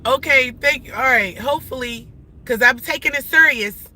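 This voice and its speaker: Blunt, sharp-voiced woman in her forties. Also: high voice, moderate pace, a little hiss or hum. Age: 40s. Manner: blunt, emphatic and slangy, rambling with restarts. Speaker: livestreamer. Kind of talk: casual livestream talk to viewers. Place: in or near a vehicle in traffic.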